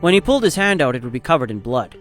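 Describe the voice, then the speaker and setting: A man narrating a fan story in a steady, dramatic storytelling style. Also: medium pitch, racing, soft background music.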